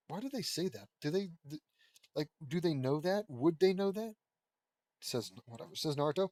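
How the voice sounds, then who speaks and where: A man's voice: fairly high pitch, sing-song, moderate pace, darkish tone, no room sound, low-quality recording. A man reading a fan-fiction story aloud in a casual way, stumbling over names and stopping to poke fun at the writing. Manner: stumbles over names, breaks off to critique the text. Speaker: audiobook reader of fan fiction.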